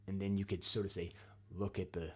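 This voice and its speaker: A man with a fairly low, husky voice delivers a lecturing opinion monologue. He is a young adult host who keeps tagging his points with "okay?" and "right?". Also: flat delivery, brisk. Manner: lecturing, repeats "okay?" often. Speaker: channel host.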